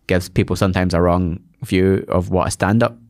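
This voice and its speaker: A Scottish man, a guest comedian, telling stories in casual chat with lots of quick restarts. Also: deep voice, steady tone, a little mellow. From Scotland. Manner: rambling storyteller with quick restarts.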